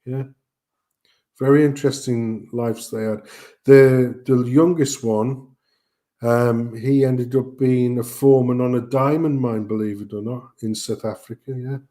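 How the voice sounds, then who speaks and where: Middle-aged bloke rambling thru family stories, jokey, swears a bit, mid-pitched voice. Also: male voice, steady tone, unhurried, mellow. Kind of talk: casual chat.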